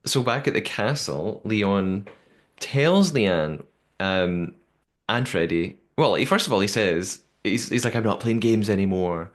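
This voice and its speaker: Male podcast host, lively pitch, quick to laugh, mimics people he quotes. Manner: animated, laughs often, quotes people in put-on voices. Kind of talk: casual recap chat.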